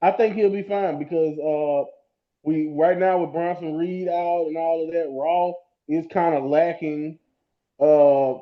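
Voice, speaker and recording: A man with a fairly high voice co-hosts a casual podcast, rambling through his thoughts with plenty of "uh"s and restarts. The sound is dull and lo-fi, with its highs muffled. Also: fairly even intonation, unhurried. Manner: rambling, many fillers and restarts. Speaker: podcast co-host. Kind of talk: casual wrestling chat.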